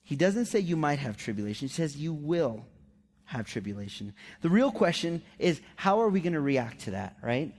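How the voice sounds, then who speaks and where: A man's voice: fairly high pitch, sing-song, brisk, hardly any pauses, darkish tone. A male pastor giving a conversational sermon, acting out the quotes of everyday people in a raised voice.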